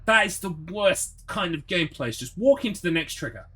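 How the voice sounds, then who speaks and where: A man's voice: high voice, big pitch swings, fairly quick, a bit bright. A young man streaming a horror game, ranting sarcastically and swearing as he gets frustrated. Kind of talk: live gameplay commentary.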